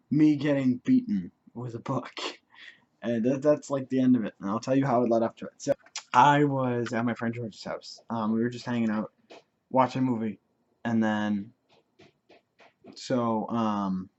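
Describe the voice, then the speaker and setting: A man's voice: medium pitch, a little mellow, highs cut off. A teenage boy telling a story from his life in a rambling way, full of fillers. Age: teens. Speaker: vlogger. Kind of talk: casual storytelling.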